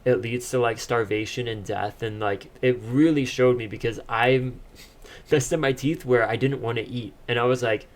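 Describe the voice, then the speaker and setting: A man's voice: medium pitch, moderate pace. Young man telling a story. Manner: animated storytelling, laughs often. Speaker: podcast co-host. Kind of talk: casual chat.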